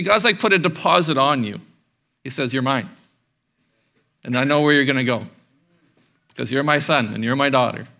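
A man in his forties preaching a sermon as pastor, chatty and animated, acting out little quotes along the way. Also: on the high side, gravelly.

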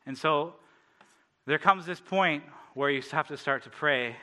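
A man's voice: a little high, measured pace, pushed and bright. A man from Canada preaching a sermon, telling personal stories in a casual way with many fillers and frequent laughter.

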